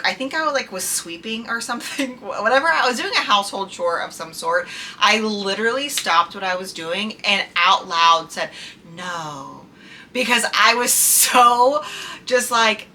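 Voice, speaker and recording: A woman's voice: medium pitch, sharp tone, a little hiss or hum. A young woman chatting casually about books she loved, gushing and chatty with lots of "like" fillers. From United States. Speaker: book reviewer. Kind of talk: casual chat.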